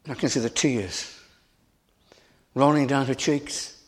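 A man's voice: medium pitch, fairly even intonation, unhurried. A middle-aged man preaching a sermon as pastor, earnest, repeating his phrases and stumbling over restarts.

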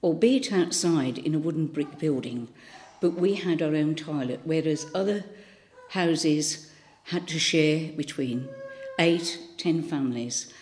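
A woman in her eighties from Birmingham, England, with a faint local accent, gives a thought for the day as casual, chatty, rambling anecdotes full of ums and restarts. Her voice sits low, a little slow, with a darkish tone.

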